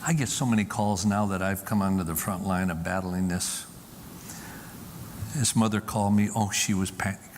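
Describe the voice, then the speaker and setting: A Christian speaker delivers an emphatic public talk from a stage to a live audience in a large hall, often repeating key lines for effect. His voice is low and steady and moves at a moderate pace. A faint hiss or hum sits under the recording.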